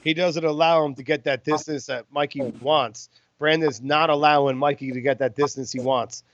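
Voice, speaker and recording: A man with a fairly high voice co-hosts a casual boxing podcast from his Las Vegas home, commentating on fights over beers in a laid-back, sweary style. His tone is steady and his speed normal, and the dry, dull lo-fi recording has no echo.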